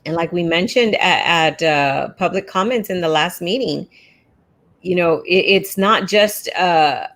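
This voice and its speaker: A woman's voice: fairly low pitch, unhurried, fairly bright tone. A woman co-hosting an educators' livestream in casual chat, agreeable and talking in loose starts with many fillers.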